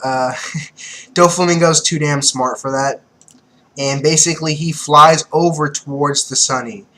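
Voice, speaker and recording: A young man giving casual, excitable manga commentary, swearing freely and laughing often. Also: fairly high pitch, unhurried, a little hiss or hum, rough recording. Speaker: manga reviewer.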